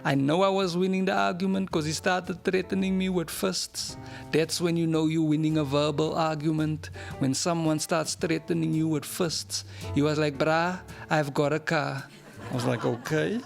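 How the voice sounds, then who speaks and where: A South African man performing stand-up, his voice sitting high with a gravelly, fry-laden edge. He lands his punchlines deadpan and pokes fun at himself. Clear music plays behind him. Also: normal speed. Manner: deadpan, self-mocking punchlines. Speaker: stand-up comedian. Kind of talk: stand-up comedy set.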